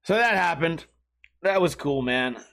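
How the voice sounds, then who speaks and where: A man's voice: on the high side, lively intonation, measured pace, vocal fry, a bit bright. A man hosting a podcast, telling a story casually, swearing and laughing often. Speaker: podcast host.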